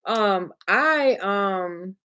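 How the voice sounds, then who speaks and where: A middle-aged woman from Michigan, somewhere in her 30s or 40s, chats casually on her livestream as a notary signing agent trainer. Her mid-range voice is smooth and expressive with drawn-out words. She's warm and talkative, addresses the chat, laughs frequently and gets emotional.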